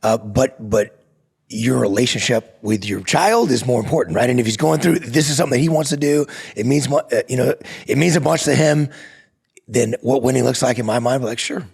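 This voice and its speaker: A man's voice: mid-range voice, a little fast, gravelly, darkish tone, slightly rough. A middle-aged man co-hosting a podcast, explaining leadership ideas in an earnest, conversational way with frequent restarts. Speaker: podcast co-host, leadership coach.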